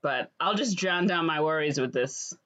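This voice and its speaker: Young female podcast co-host, lowish voice, animated plot recap with lots of "like.". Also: normal speed. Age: young adult. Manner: animated retelling full of "like" fillers. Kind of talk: casual chat retelling a movie plot.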